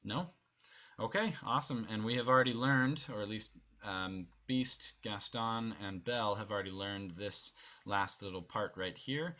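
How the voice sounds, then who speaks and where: A man with a bright, forceful voice directs an online rehearsal, talking his cast through where each character stands and moves. He keeps an upbeat, instructive tone over a video call. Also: on the low side, normal speed, lo-fi sound. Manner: upbeat, instructive, briefly acts out lines. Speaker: theater director.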